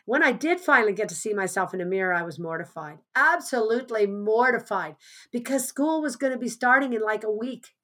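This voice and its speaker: A woman telling a personal story in an earnest, conversational way, often dropping softer at the grim parts. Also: fairly high pitch, expressive, a little fast. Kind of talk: personal anecdote monologue.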